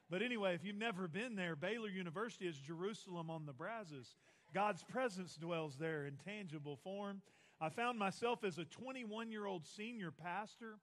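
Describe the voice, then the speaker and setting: A pastor in his forties preaching a sermon in a large church, telling stories with animated, self-mocking humor. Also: sits high. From Texas. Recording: long reverb of a large hall.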